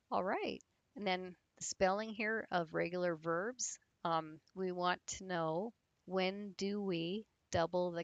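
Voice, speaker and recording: A woman gives an English grammar lesson in a slow, unhurried way. Her voice sits a little low, and the sound is dry and close with no room echo. She explains patiently and spells words out letter by letter. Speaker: English teacher.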